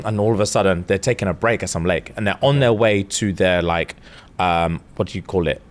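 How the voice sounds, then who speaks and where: A man's voice: deep voice, normal speed. A young man, casually retelling a story on a podcast and acting out the characters' lines with slang and swearing. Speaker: podcast co-host.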